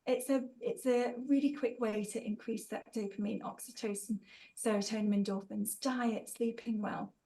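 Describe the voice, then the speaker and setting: A woman's voice: on the high side, fairly even intonation, normal speed, warm tone, low-quality recording. A woman running a live online training session, upbeat and encouraging, calling out participants by name over a video call. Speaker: workshop trainer.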